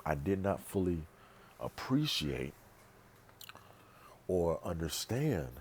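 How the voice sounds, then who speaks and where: A man's voice: low-pitched, big pitch swings, slow, a little hiss or hum. A man vlogging in a casual monologue, emphatic and rambling, repeating phrases for stress. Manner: rambling, with restarts and asides. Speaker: pastor and vlogger.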